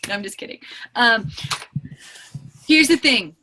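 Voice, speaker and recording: A woman business coach hosting a live training call, talking fast and emphatically with effusive enthusiasm. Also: a little high, animated, bright, forceful tone, slight background noise.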